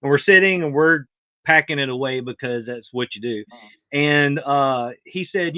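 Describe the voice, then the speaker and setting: A man's voice: mid-range voice, normal speed, no echo. A man with a Southern US accent chatting casually as host, telling easygoing anecdotes. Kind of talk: casual chat, storytelling. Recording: dry, phone-like line.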